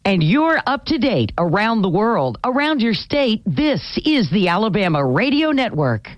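A woman delivering a state radio network news update in a bright, measured newscast style. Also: mid-range voice, very animated, lo-fi sound.

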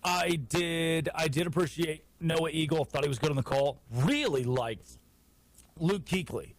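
A man from the United States hosting a sports radio show, talking football in a wry, opinionated way with quick asides. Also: fairly high pitch, no echo, poor audio. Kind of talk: casual sports talk.

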